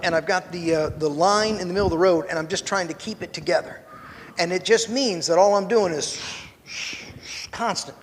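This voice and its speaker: A man's voice: fairly high pitch, in a large hall, slight background noise. A man from rural Missouri teaching a Bible class in a church, telling personal stories with self-deprecating asides and building to preachy emphasis. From rural Missouri, USA.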